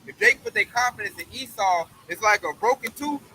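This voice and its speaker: Bright high-voiced man preaching casually. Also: wildly swooping pitch, brisk, a little hiss or hum, poor audio. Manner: emphatic, slangy, keeps saying "man". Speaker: Bible study co-teacher.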